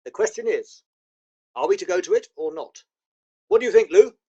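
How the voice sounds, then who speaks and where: A man reading an audiobook, voicing a steady, decisive older boy. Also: high-pitched, normal speed, husky, lo-fi sound. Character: eldest brother Peter, steady and decisive. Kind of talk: audiobook character voice.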